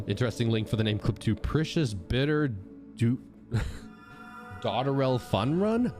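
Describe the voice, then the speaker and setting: A young man chatting casually as he streams a game, thanking subscribers and reacting out loud. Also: mid-range voice, a little slow, long pauses. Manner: animated, chatty, shouts out subscribers. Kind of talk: casual gameplay commentary. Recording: game music playing behind.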